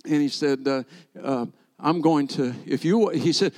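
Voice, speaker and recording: A man's voice: medium pitch, a little slow, vocal fry. A middle-aged man, a rabbi, preaching a sermon and telling stories while acting out the dialogue. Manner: animated storyteller acting out dialogue. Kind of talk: sermon storytelling.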